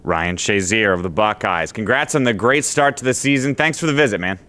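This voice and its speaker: A man's voice: on the low side, brisk, bright, forceful tone, smooth. A man hosting a sports TV interview, asking questions in an upbeat, conversational way. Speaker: sports TV host.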